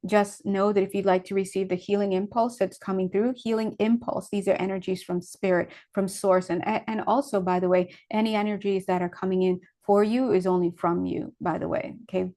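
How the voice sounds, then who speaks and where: A woman giving a casual spiritual tarot reading, rambling and correcting herself as she goes, with lively asides. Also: medium pitch, a little fast, hardly any pauses. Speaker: spiritual reader.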